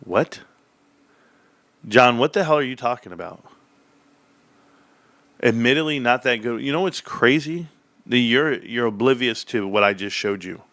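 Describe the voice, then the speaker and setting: A man's voice: medium pitch, animated, normal speed, long pauses, a bit bright, no echo, studio quality. A man hosting a live stream, reading chat and ranting in a sarcastic, heated, emphatic way. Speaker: livestream host reading chat. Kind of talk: live-stream rant about stocks.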